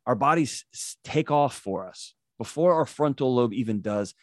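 A man's voice: medium pitch, expressive, moderate pace, no echo. Earnest man, dry close sound. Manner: earnest, storytelling, vivid examples. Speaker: guest, mental health expert. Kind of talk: interview answer, explaining.

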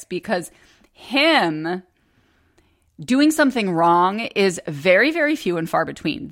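A woman in her forties hosting a podcast, telling a personal family story in a candid, casual way, swearing freely and laughing often. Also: mid-range voice. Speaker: podcast host.

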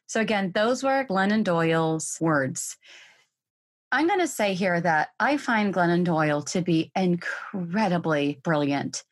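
A woman in her thirties hosting a solo parenting podcast, telling her own story in a candid, expressive way. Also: lowish voice, a little slow.

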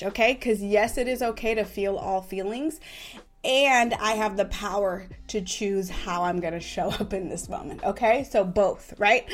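Upbeat mom giving parenting advice. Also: female voice, mid-range voice. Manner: animated, keeps adding "right?" and "okay?". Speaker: parenting podcast host. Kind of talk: casual advice talk.

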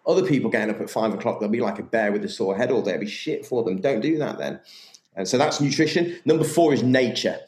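A man's voice: medium pitch, expressive, fast talker, darkish tone. A man in casual conversation, candid and enthusiastic, swearing freely. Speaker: podcast guest, yoga business owner. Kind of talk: casual chat. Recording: roomy echo.

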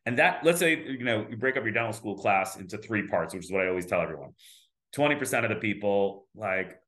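A dentist in his fifties chatting casually as a guest, telling lively stories and acting out the voices he quotes. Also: fairly low pitch, a little fast. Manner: animated storyteller who acts out quoted voices. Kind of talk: casual podcast conversation.

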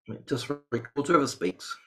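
A man hosting a webinar over a video call, chatty and joking, with sudden bursts of excitement. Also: mid-range voice, normal speed. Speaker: host. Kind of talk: casual webinar chat.

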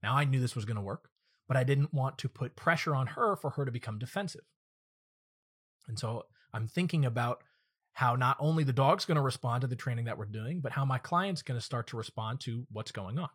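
A man delivers a solo podcast monologue as a working dog trainer. His voice is slightly husky and sits in an ordinary middle pitch. He speaks directly and earnestly, teaching his listeners through his own stories. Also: animated, fairly quick.

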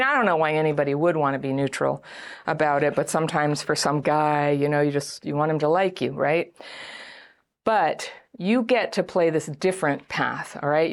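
A middle-aged woman hosting a self-help video, talking casually to camera, acting out quoted voices and laughing often. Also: deep voice. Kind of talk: casual advice talk to camera.

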